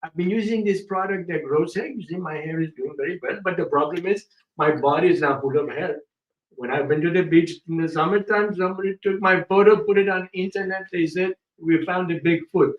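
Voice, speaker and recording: Guy doing a deadpan delhi character, kinda distant and dull sounding. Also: sits high, a little fast, close to an everyday voice. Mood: joking. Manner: deadpan comic storytelling. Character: joking middle-aged man from Delhi. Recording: roomy, distant, slightly dull.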